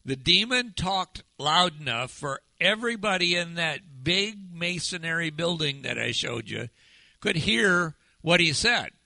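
A man's voice: on the high side, lively intonation, unhurried, creaky, pushed and bright, no room sound, poor audio. A male pastor giving a sermon in a conversational way, often asking the congregation questions.

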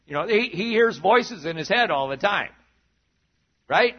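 Animated high-voiced male preacher. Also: measured pace, long pauses, breathy edge, highs cut off. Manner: animated preaching, drops to a hushed voice for emphasis. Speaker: pastor. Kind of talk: sermon.

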